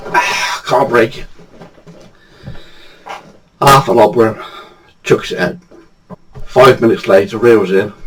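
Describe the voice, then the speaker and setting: An older storyteller from Badsey, England, with a mid-range, slightly rough voice, chattily recounts funny true anecdotes and laughs at his own tales. The audio quality is poor.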